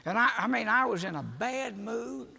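Raspy older preacher, lively. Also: male voice, extremely high pitch, normal speed. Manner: folksy, animated, chuckling storyteller. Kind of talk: humorous storytelling sermon. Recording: long reverb of a large hall.

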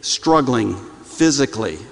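A middle-aged man preaching a sermon, telling stories with animated delivery and repeating lines for emphasis. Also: mid-range voice, a little slow, vocal fry. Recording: long hall reverb.

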